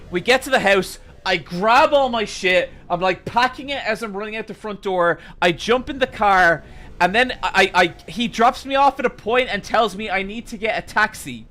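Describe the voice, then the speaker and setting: A man's voice: high voice, pushed and bright. A young man streaming, telling a rambling, profane story to his chat in an exasperated way.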